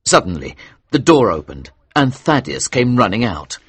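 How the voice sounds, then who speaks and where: A man reading a story aloud for English learners, slow, clear and expressive. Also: medium pitch, no room sound.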